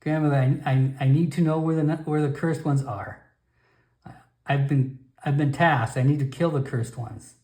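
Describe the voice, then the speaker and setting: A man's voice: on the high side, fairly even intonation, normal speed, warm tone, close to an everyday voice. Man as a stammering young Nightkin hero. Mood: pleading. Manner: stammering, polite, hesitant. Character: earnest young male Nightkin wanderer. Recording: echoey room.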